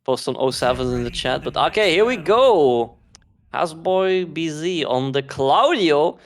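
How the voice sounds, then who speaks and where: A man's voice: a little high, animated, unhurried. A man commentating a fighting game tournament in a casual, rambling way, often sarcastic and laughing.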